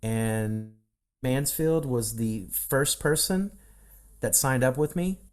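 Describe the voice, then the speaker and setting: Animated man telling a story on a video call. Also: mid-range voice, slow pace, clean tone. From Midwestern United States. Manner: animated storyteller who acts out quoted dialogue. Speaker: podcast guest, voice coach. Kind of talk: casual storytelling in an interview.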